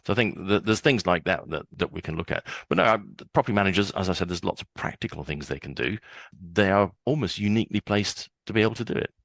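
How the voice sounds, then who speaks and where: A man's voice: sits low, fast, fairly bright tone, no room sound. A man in his sixties, a guest on a podcast interview, chatty and often repeating words as he starts a sentence.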